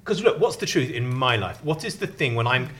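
A middle-aged man co-hosting a chatty podcast, telling stories in an animated, mock-exasperated way and swearing freely. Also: medium pitch, brisk. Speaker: podcast co-host and columnist. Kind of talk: casual banter.

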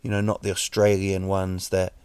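A man with a New Zealand accent hosting a solo podcast, rambling deadpan jokes with many fillers and restarts. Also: low voice, moderate pace, smooth, dry recording. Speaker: podcast host. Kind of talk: solo comedic podcast monologue.

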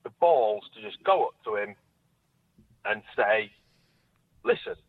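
A man's voice: on the low side, very animated, a little slow, creaky, no room sound. Brief: male guest on a remote call, candid and hesitant, phone-quality audio. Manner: candid and searching, trails off mid-thought. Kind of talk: candid personal conversation. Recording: tinny dry phone-like line.

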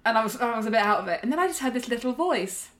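A young woman co-hosting a podcast, chatting casually and telling stories with lively swearing. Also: fairly high pitch, very fast. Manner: chatty, swears freely, animated storytelling. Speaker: podcast co-host. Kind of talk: casual chat.

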